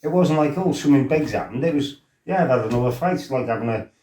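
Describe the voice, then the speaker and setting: A man's voice: medium pitch, lively intonation, fast talker, warm tone, roomy sound. A middle-aged man tells his life story casually, laughing, swearing and acting out what people said. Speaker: former fighter telling his life story.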